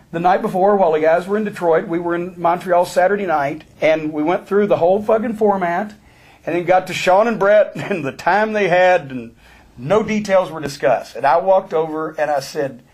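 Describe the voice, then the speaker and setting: High-voiced, foul-mouthed storytelling man. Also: husky. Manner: blunt, heavy swearing, animated retelling. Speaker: interviewee. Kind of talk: profane storytelling.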